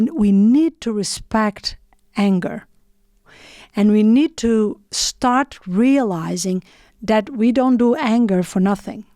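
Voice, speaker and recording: A woman giving a reflective motivational talk in short phrases with frequent pauses and non-native English phrasing. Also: medium pitch, a little mellow, no room sound, studio quality. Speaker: motivational speaker.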